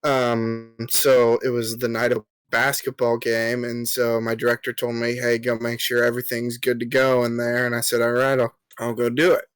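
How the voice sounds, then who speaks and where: A man's voice: mid-range voice, completely flat delivery, moderate pace, few pauses, clean tone, no room sound. A young man co-hosting a podcast, telling a story in casual chat with lots of ums and acting out the quoted lines. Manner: filler-heavy, polite, acts out quoted lines. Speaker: podcast co-host.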